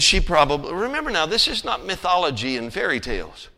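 Animated preacher man in a reverberant hall. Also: on the high side, a little fast, creaky, hardly any pauses. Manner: animated storytelling, swings from loud to hushed. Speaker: pastor. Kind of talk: sermon.

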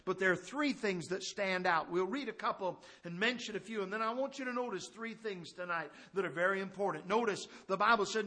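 A middle-aged man preaching a sermon, telling stories and swinging between hushed asides and raised, emphatic preaching. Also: high-pitched.

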